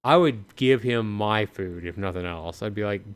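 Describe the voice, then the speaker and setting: A man's voice: on the low side, moderate pace, smooth. A man streaming a game live, chatting with his viewers in casual, talkative commentary and sounding tired. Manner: chatty, talks to chat. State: tired, yawning. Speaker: livestreamer. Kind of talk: let's-play commentary.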